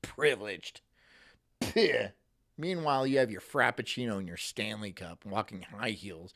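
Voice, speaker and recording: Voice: medium pitch, a little slow, gravelly, a bit bright. A streamer delivering a sarcastic, profane ranting monologue on a live stream, full of mocking asides.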